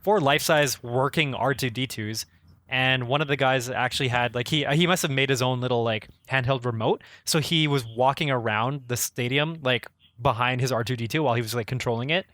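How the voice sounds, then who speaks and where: A man's voice: mid-range voice, a little fast, no echo. A Canadian man co-hosting a podcast, chatting casually, with sentences that rise at the end. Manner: relaxed, rising ends of sentences. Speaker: podcast co-host. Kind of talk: casual chat.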